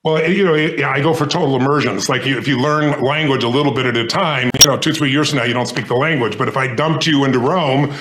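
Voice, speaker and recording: A man's voice: mid-range voice, quick pace, hardly any pauses, fairly bright tone, a little hiss or hum. A middle-aged man, a guest in an interview, telling stories earnestly and intensely and choking up with emotion. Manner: earnest, intense, gets choked up. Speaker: guest speaker.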